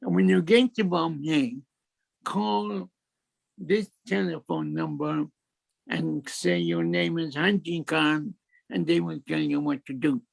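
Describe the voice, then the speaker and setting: Old Irish man voicing a smuggler, repeats himself, insistent, gravelly. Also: fairly high pitch, fairly even intonation, slow, heavily acted. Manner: repetitive, insistent. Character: terse male smuggler giving orders.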